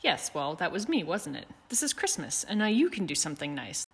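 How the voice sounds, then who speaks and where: A woman's voice: on the low side, very animated, fairly quick, breathy edge, heavily acted. A woman voicing a cheerful young man who talks in a breezy, bossy and playful way, in a reverberant room. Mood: cheery. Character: cheerful, teasing young man, a good friend.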